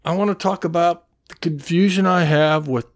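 A man from Iowa, a podcast guest who talks casually, restarts often and repeats words, with a joking touch. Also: on the high side. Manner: halting, repeats words, jokey.

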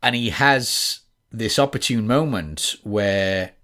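A man's voice: on the low side, slow, pushed and bright. A man from Wales with a West Welsh accent, chatting as a podcast guest, rambling and hedging with lots of fillers. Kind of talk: casual podcast conversation.

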